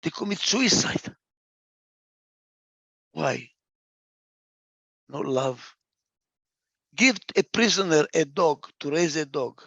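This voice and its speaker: Gravelly, emphatic man giving a talk. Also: fairly high pitch, lively intonation, takes it slowly, long pauses, a bit bright, no echo. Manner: emphatic, repeats key phrases for stress; gets lost for a word and restarts. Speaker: speaker. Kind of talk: reflective spoken talk.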